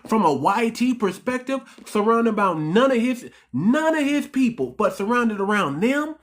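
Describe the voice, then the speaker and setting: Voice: medium pitch, very animated, unhurried. Fired-up commentary host speaking to viewers. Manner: heated, repetitive, keeps calling the audience "family"; rhetorical questions, emphatic restarts. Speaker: channel host. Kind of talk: impassioned commentary monologue.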